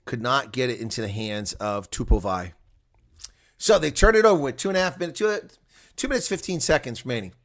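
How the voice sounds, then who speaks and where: Excitable man doing live rugby commentary. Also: medium pitch, brisk. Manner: chatty, excitable, jumps to loud outbursts then mutters asides. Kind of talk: solo play-by-play and color commentary.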